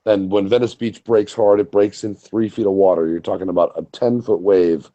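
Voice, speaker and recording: A man telling stories in casual profane chat, animated and full of swearing. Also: on the low side, normal speed. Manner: animated storyteller, swears a lot. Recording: muffled lo-fi audio.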